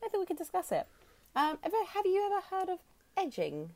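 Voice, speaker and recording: A woman's voice: very high voice, wildly swooping pitch, quick pace, a little mellow. A woman co-hosting a podcast, giggly and easily flustered in casual chat. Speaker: podcast co-host.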